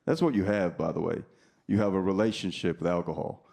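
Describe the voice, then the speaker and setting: A man's voice: low voice, fairly quick, vocal fry, darkish tone. A man in his thirties doing a stand-up set, brash and profane, teasing the crowd. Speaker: stand-up comedian. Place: comedy club stage. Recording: live club recording with faint crowd.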